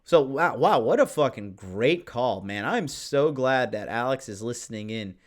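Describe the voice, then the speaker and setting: A man hosting a live podcast, talking in a brash, profane and excitable way as he reads chat comments. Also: mid-range voice, unhurried. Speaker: podcast host. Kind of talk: casual live-stream talk.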